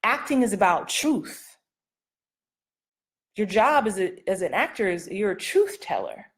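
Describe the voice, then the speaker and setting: A woman's voice: medium pitch, very animated, unhurried. Sassy playful woman acting coach. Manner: playful, sassy, laughs often, acts out line readings. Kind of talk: casual live-stream coaching talk.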